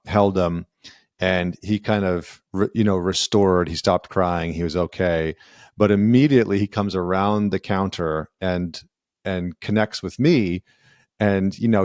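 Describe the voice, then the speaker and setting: A man with a low voice tells a family story in a relaxed, earnest way on a podcast. He is close to the mic in a dry studio, with no room sound. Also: dry recording. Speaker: podcast host and father. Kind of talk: casual conversational interview.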